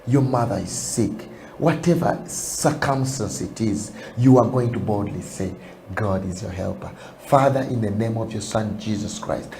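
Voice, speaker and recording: A man's voice: mid-range voice, gravelly, slight background noise. A man preaching and praying earnestly on a television broadcast, often repeating his words. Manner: earnest, repeats words, rises loud and excited toward the song. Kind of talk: sermon and prayer. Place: TV studio.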